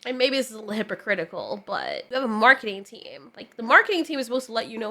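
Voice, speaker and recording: A young woman giving reaction commentary in an animated way, often laughing and mimicking people in silly voices. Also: fairly high pitch, rapid-fire, few pauses. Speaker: YouTube commentator.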